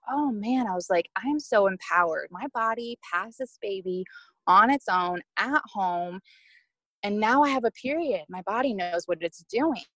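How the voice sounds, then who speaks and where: A woman's voice: medium pitch, no echo, poor audio. A young adult woman telling a candid, emotional personal story as a podcast guest, with frequent fillers. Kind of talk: personal story told in conversation.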